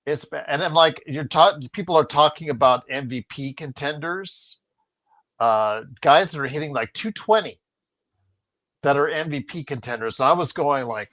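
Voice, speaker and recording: A woman co-hosting a casual sports podcast, talking in an animated, exasperated, rambling way. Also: low voice, normal speed. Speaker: podcast co-host.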